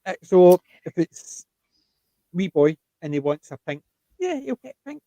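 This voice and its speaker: An older Scottish man hosting a casual chat, his voice mellow and relaxed. He tells stories in an animated way and acts out the quotes. The sound is close and dry, with no room around it. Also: high voice, unhurried, dry recording, low-quality recording. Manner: chatty, animated storytelling with acted-out quotes. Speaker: host.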